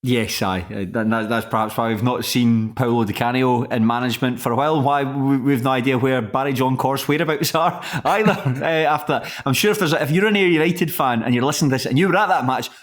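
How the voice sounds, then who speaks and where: A man's voice: mid-range voice, fast, few pauses. A man with a Scottish accent hosting a football podcast, chatting casually and rambling with many restarts. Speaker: podcast host.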